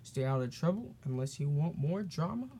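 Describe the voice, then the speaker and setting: A teenage boy chats on his solo podcast in a fairly high male voice at normal speed, with slight background noise. He rambles, stumbles through fillers and restarts, and sometimes acts out people from his story in a loose, animated way.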